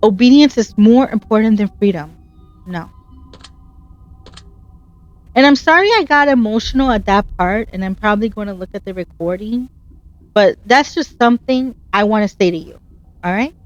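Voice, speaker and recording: A woman's voice: medium pitch, animated, brisk, no echo, dull audio. A woman hosting her gaming channel, chatting earnestly and encouragingly as she plays, telling stories with animation. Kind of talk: casual gameplay commentary.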